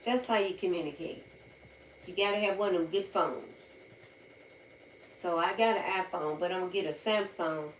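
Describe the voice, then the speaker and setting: With a fairly low pitch, a U.S. livestream host chats casually and restates things to drive them home. She sits far from the microphone in a roomy space, and faint ambient noise lingers in the background.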